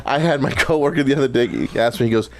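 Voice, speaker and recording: A man's voice: medium pitch, quick pace, a little hiss or hum. A man hosting a podcast and interviewing a guest in a jokey, playful way. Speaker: podcast host. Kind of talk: casual chat.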